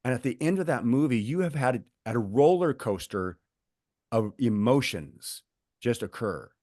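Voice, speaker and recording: A middle-aged man, a guest author and coach, telling examples in a lively podcast chat with many fillers and restarts. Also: medium pitch, moderate pace, no room sound, studio quality. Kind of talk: podcast conversation, explaining.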